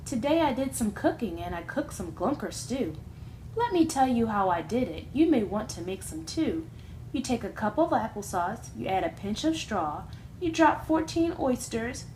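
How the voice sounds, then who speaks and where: A woman's voice: fairly high pitch, a little mellow, a little hiss or hum, rough recording. A woman voicing a smug, rambling male glunk creature in a read-aloud storybook. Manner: gabbing, rambling, sweetly pushy.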